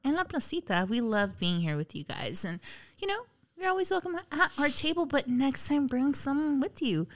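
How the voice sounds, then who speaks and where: A woman co-hosting a podcast in casual chat, animated and laughing often. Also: high voice, moderate pace. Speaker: podcast co-host.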